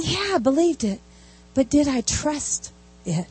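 A woman giving a sermon, telling stories in a lively way with asides. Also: high-pitched, a little slow, no room sound. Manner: animated storytelling with asides. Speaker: preacher.

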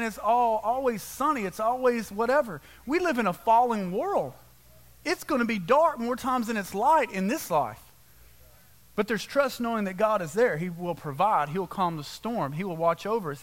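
A man's voice: high voice, fairly bright tone. A man preaching a conversational sermon as a pastor at a church service, casual and direct, peppered with rhetorical questions.

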